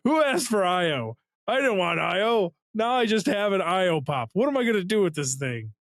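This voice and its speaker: A man's voice: high voice, very animated, normal speed, no echo. Sarcastic man with a raised voice. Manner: sarcastic, profane complaining. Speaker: podcast co-host. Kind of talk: casual podcast chat.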